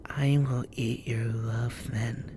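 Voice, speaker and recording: Whispered role-play: a breathy, wheezing ancient forest spirit in a mask, female, put on by a male narrator; slow, menacing. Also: medium pitch, level tone, background noise, natural voice. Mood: eerie whisper.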